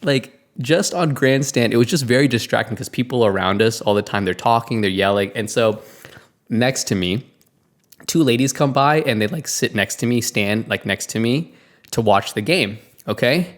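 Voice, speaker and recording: A man's voice: mid-range voice, moderate pace. A man co-hosting a podcast, telling a story in casual chat, laughing and acting out the voices of the people in it. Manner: animated, laughing, acts out quotes. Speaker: podcast co-host.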